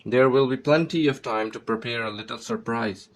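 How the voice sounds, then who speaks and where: A man's voice: medium pitch, normal speed, slight background noise, close to an everyday voice. A man doing a scheming sly old wolf. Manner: chuckling, gloating.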